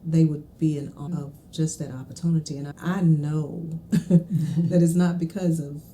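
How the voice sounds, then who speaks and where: A woman's voice: low-pitched, steady tone, moderate pace. A woman from the Mississippi Delta, a guest on a podcast, telling reflective stories with occasional laughter. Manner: reflective, warm storytelling with laughs. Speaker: guest, trial lawyer. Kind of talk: casual conversational interview.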